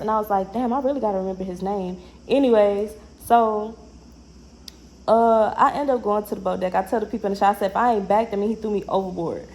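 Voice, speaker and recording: A young woman casually telling a personal story in a slangy, animated way, acting out the lines she quotes. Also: mid-range voice, brisk, rough recording.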